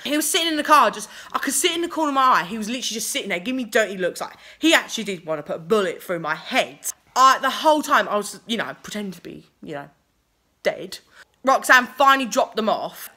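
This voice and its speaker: A woman's voice: mid-range voice, expressive, fast, sharp tone. A young woman telling a dating story on her vlog in a chatty, sweary way, full of fillers. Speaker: vlogger. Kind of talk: casual storytime.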